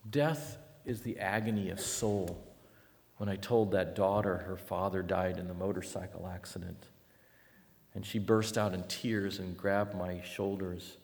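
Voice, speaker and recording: A middle-aged male preacher with a low, gravelly voice that rings through a reverberant church hall. He tells stories with animated swings between loud bursts and hushed asides. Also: unhurried. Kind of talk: sermon. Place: church sanctuary. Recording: long reverb of a large hall.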